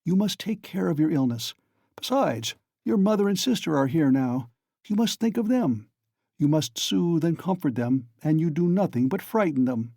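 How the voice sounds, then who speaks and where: A man's voice: on the high side, lively intonation, moderate pace, dark tone, dry recording, clean studio sound. A man reading aloud and voicing a sly, genial male magistrate who coaxes and teases with mock friendliness. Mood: teasing. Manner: coaxing, insinuating, mock-friendly.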